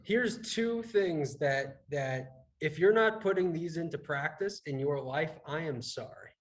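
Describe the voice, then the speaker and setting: His voice is on the high side and animated, and he speaks unhurriedly: a man who coaches fitness and health, talking casually on a business podcast. He rambles with many restarts and habitually adds "right?" to his points. The recording is low quality.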